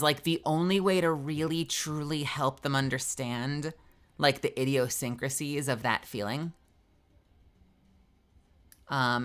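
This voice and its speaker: A woman in her thirties, a streamer chatting casually with viewers, outspoken and swearing freely, with lots of "like" fillers and an animated delivery. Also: deep voice. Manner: animated, swings between quick bursts and drawn-out phrases. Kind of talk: casual live-stream chat, answering viewers.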